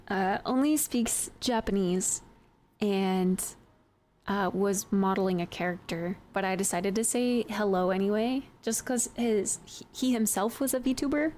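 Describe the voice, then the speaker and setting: A woman's voice: medium pitch, darkish tone, a little hiss or hum. A woman streamer chatting casually and giggling often while she works on a 3D model. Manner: chatty and giggly, with many fillers.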